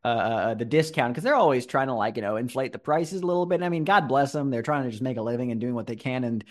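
A man's voice: medium pitch, expressive, quick pace, natural voice. A man voicing a chatty, rambling male forest service worker who hesitates and fills every gap with talk.

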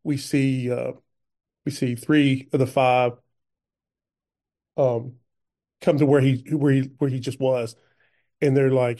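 A man narrating his own character's actions in a tabletop game, halting and full of fillers. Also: medium pitch, little pitch movement, dark tone. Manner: halting, filler-heavy storytelling. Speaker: player.

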